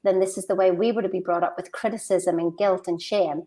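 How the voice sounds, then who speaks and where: Female co-host; chatty storyteller, halting restarts, relaxed conversational delivery. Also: on the low side. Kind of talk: casual motivational chat.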